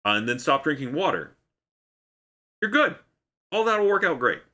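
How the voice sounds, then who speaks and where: A man's voice: a little high, sing-song, moderate pace, pushed and bright, pitched above the performer's own voice. Man putting on a boastful brawny movie star, vaguely Scottish. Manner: boastful mock-earnest advice. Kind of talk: comic impression.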